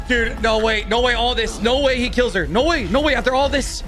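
A young man doing let's play commentary, with loud, swearing, frustrated outbursts at the game. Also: very high voice, fairly quick, faint music behind. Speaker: gaming YouTuber.

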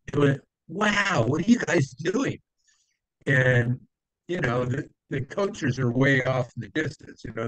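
A man's voice: medium pitch, a bit bright, dry recording, poor audio. A man telling old stories as an interview guest, rambling with many fillers and acting out the people he quotes. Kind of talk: casual storytelling.

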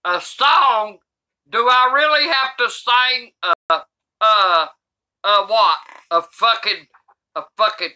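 Cranky old grandma cussing nonstop while she reads, slow drawl, really piercing bright voice. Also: on the high side. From United States. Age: older. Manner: cranky, swears constantly, shouts in outrage. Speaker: comedy YouTuber grandmother. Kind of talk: comedic reading aloud.

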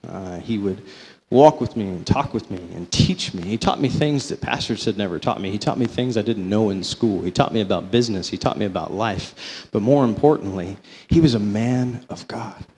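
A man's voice: on the low side, warm tone, slight background noise. Man telling a faith testimony in a hall. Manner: storytelling, swings between slow emphatic and quick phrases. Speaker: company vice president giving a testimony.

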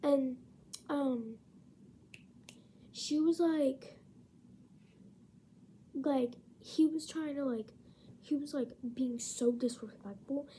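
Young woman, unhurried chatty storytime delivery, half-whispered. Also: sits high, warm tone, a little hiss or hum. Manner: chatty, many fillers, often drops to a whisper. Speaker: vlogger. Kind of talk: casual storytime chat. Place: home at night.

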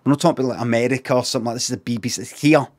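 A man's voice: medium pitch, fairly even intonation, rapid-fire, darkish tone. A Glaswegian man streaming, giving rambling, sweary reaction commentary with lots of restarts. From Scotland.

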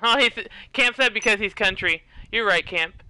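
A woman's voice: medium pitch, moderate pace, background noise. A young woman hosting a casual live stream, teasing her friends, giggling and reading the chat aloud.

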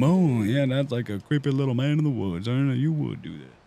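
A man giving let's-play commentary, swinging from high excited yelps to low grumbling mutters and laughing often. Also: fairly quick, creaky, faint music behind. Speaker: gaming YouTuber.

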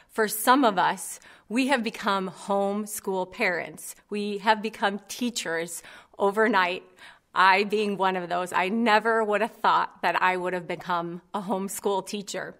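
A woman's voice: medium pitch, fairly bright tone. A woman in her thirties giving a heartfelt, personal sermon. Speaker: preacher.

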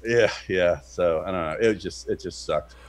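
A man co-hosting a casual podcast, telling a story with lots of fillers and loud, shouted reenactments of what people said. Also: low-pitched, moderate pace. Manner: animated, shouts in reenacted quotes. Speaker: podcast co-host.

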